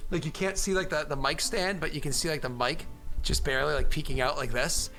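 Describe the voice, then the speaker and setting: A man hosting a casual video-call chat from home, rambling and animated, with faint music behind. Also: on the high side, fairly quick. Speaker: host and game master.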